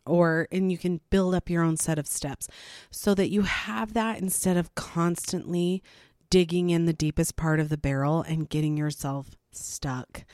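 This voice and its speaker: Woman, parenting vlogger, lowish voice, dry close sound, earnest and chatty. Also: darkish tone, dry recording. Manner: earnest, conversational, laughs now and then. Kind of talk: casual advice talk.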